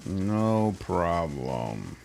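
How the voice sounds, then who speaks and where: A man casually chatting through a game livestream, answering his chat in a relaxed way. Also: sits low, extremely slow, gravelly, a little hiss or hum. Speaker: streamer. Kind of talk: casual gameplay livestream commentary.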